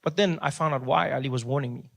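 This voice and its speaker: South African comedian telling stories. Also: male voice, medium pitch, fast talker, vocal fry. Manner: animated storytelling with acted-out voices and laughter. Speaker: stand-up comedian. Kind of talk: stand-up comedy.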